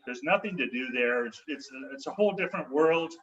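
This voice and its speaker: A man hosting a comedy show and doing stand-up over a video call, with a wry, halting delivery. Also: fairly high pitch, lively intonation, fairly bright tone, highs cut off.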